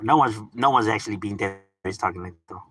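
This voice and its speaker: A man's voice: fairly low pitch, fast talker, bright, forceful tone, slightly rough. A man streaming a game, ranting casually in profane street slang with mock exasperation and frequent laughter. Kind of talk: casual live-stream rant.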